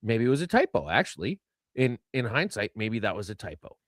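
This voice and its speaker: A man's voice: fairly low pitch, very animated, a little fast, no room sound. A man co-hosting a podcast, giving casual news commentary in a dry, sarcastic manner. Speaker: podcast co-host.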